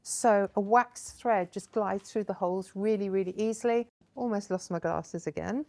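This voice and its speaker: Woman, craft workshop host, chatty, encouraging, middle pitch. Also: normal speed, darkish tone. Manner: encouraging, chatty, praising often. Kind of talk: hands-on craft tutorial. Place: indoor crafting table.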